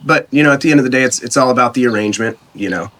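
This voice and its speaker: A man's voice: mid-range voice, very fast, a bit bright. A man from Idaho, a singer-songwriter guest on a podcast, talking easily and often agreeing briefly. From Idaho, USA. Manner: easygoing, short agreeing replies. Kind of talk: casual interview chat.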